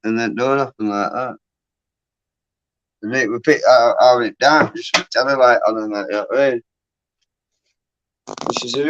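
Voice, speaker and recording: A man's voice: medium pitch, normal speed, pauses often, fairly bright tone, slight background noise. A man hosting a casual livestream chat from home, rambling and full of fillers. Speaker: livestream host. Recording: dull lo-fi sound.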